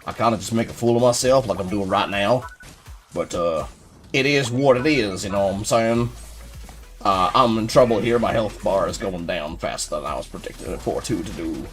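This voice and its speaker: A man's voice: on the low side, expressive, normal speed, soft background music. A young man chatting casually with his viewers while playing a game live, rambling and playful as he answers chat. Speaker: gaming streamer.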